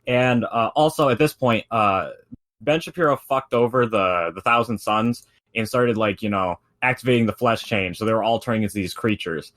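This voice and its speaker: A man's voice: lowish voice, moderate pace, fairly bright tone, no room sound. A man in casual chat, explaining lore in a laid-back way with many fillers.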